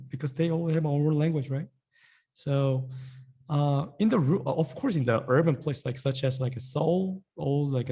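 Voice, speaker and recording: A man's voice: medium pitch, warm tone. A young man with a Korean accent giving a casual online language lesson, saying each word twice in loose, filler-heavy English. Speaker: Korean teacher.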